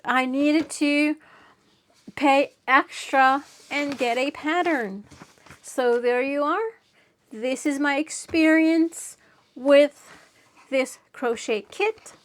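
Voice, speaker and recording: Slow-talking woman reviewing a craft kit. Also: sits high. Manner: frank, exasperated, repeats herself. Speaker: crafting video host. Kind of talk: casual product review.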